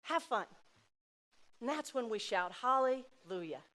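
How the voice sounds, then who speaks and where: Middle-aged woman speaker, heartfelt and emphatic, slightly high voice, loud bursts and quiet asides. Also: expressive, unhurried. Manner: heartfelt, emphatic, swings between loud exclamations and soft asides. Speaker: speaker at a dinner event. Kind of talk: personal speech to an audience.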